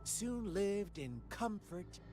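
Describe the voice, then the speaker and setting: An actor playing a calm, scheming male storyteller in a game cutscene, with a measured, fable-telling delivery. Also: sits high, exaggerated voice. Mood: storytelling. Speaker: game cutscene narrator and character. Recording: game cutscene with music behind.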